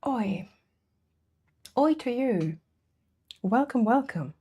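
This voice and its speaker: A woman's voice: a little high, lively intonation, very slow, dark tone, husky, dull audio. A woman streaming her painting, chatting casually with viewers, laughing often and greeting them as she works. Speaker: artist streaming while painting. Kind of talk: casual livestream chat with viewers.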